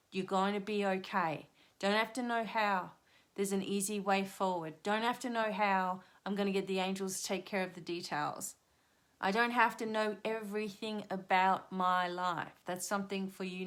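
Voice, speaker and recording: A woman's voice: medium pitch, a bit bright. A middle-aged woman, a spiritual reader and hypnotherapist, giving a live-streamed tarot reading in an earnest, repetitive coaching tone. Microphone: webcam or phone on a live stream.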